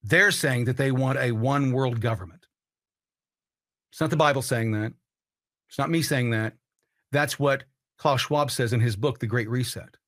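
A man's voice: mid-range voice, moderate pace, long pauses, a bit bright. A man hosting a political commentary show, ranting in a heated, blunt and profane way. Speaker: host.

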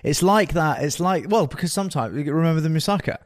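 Lively, animated man bantering. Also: fairly high pitch, brisk, no room sound, studio quality. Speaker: podcast co-host. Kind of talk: casual chat.

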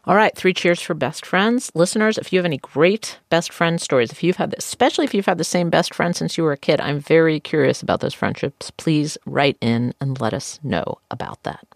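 A woman's voice: low voice, lively intonation, brisk, creaky, few pauses, no echo, clean studio sound. Bubbly woman podcast host. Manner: bubbly, enthusiastic, laughs easily. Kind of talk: casual chat.

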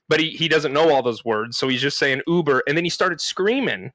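A man's voice: fairly high pitch, fairly quick, few pauses, dry recording. A man co-hosting a podcast, animatedly telling a story to friends in person, swearing freely and acting out what people said. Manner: animated, swearing, acts out quoted lines. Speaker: podcast co-host. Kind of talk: casual storytelling among friends. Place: room recorded in person with friends.

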